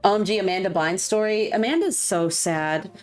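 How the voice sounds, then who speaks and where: A woman's voice: medium pitch, moderate pace, soft background music. A woman, streaming a game and chatting casually, gushing and poking fun at herself. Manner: chatty, gushing, self-mocking. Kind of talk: casual chat while gaming.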